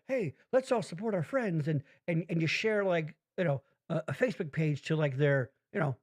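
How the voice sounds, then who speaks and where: A man hosting a podcast in casual chat, rambling and swearing, with lots of fillers. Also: high-pitched. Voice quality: profane, rambling, full of fillers. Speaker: podcast host.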